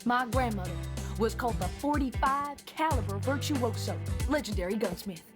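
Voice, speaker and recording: A woman's voice: fairly high pitch, animated, normal speed, natural voice. An actress playing a cocky female gunsmith with a Southern twang, heard over game music. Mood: boastful. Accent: American Southern. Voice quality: slight twang.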